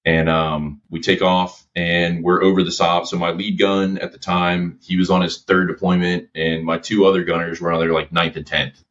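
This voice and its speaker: A man telling a story as a podcast guest, with a relaxed, slangy manner and many fillers. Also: low voice, normal speed, few pauses. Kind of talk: casual storytelling. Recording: dull lo-fi audio.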